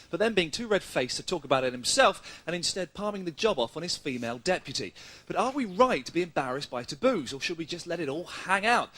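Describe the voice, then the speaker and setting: A man's voice: fairly high pitch, sharp tone. Cheeky male street reporter. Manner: cheeky, provocative. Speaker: comedy reporter. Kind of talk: mock news report and street interviews. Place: outdoors on a city street.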